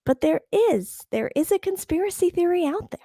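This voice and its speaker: A woman's voice: very high voice, animated, moderate pace, gravelly, mellow, no room sound, clean studio sound. A woman co-hosting a podcast in casual chat, laughing often and searching for words. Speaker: podcast co-host.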